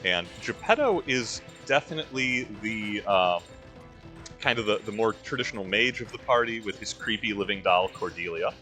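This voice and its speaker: A man's voice: lowish voice, lively intonation, normal speed, sharp tone, soft background music. A man giving casual, wry commentary while playing a role-playing game, with rambling history asides. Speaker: let's-play host.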